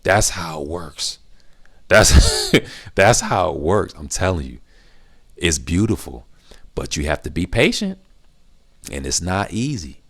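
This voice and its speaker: A man's voice: low-pitched, slow, pauses often, husky. A middle-aged man hosting a casual question-and-answer video, giving emphatic advice that he repeats for stress. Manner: emphatic, repetitive, animated when acting out reactions. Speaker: language-learning channel host.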